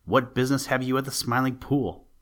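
A man's voice: mid-range voice, fairly even intonation, a little fast, a bit bright, voice pushed up, natural voice. A man voicing a curious male skunk who teases and scolds with mock severity in a storybook reading. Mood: mock-severe. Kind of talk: storybook character voice.

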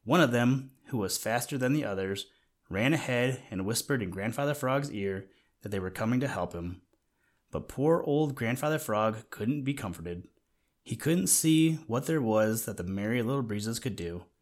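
A man reading a children's storybook aloud in a gentle way, talking to the listener now and then. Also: medium pitch, lively intonation, normal speed. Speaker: narrator.

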